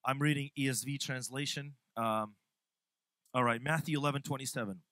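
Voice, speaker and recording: A young man preaching a sermon in a church on a microphone, lively and quick to laugh, often repeating his words as he goes. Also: medium pitch, no echo. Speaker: pastor. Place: church sanctuary. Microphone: handheld or stand mic.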